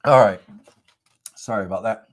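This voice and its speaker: A man's voice: lowish voice, normal speed. A middle-aged man with a slight cold hosting a live woodworking tutorial stream, rambling with many fillers and self-corrections. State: has a cold, occasional coughs.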